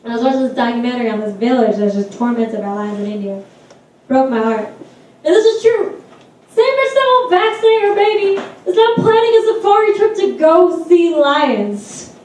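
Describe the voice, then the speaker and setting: A woman's voice: high-pitched, a little fast, a little mellow. A woman stand-up comedian on a club stage, delivering brash, sardonic punchlines. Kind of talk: stand-up routine. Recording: echoey room, distant mic, noisy.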